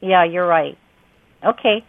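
A woman's voice: lowish voice, slow pace, no room sound. A woman answering a phone call, polite, puzzled and patient. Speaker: prank call target. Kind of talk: phone conversation. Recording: tinny phone line.

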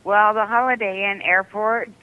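A woman's voice: medium pitch, fairly even intonation, moderate pace, narrow, tinny audio. A woman working as a hotel night auditor, answering the phone in a curt, guarded and impatient way.

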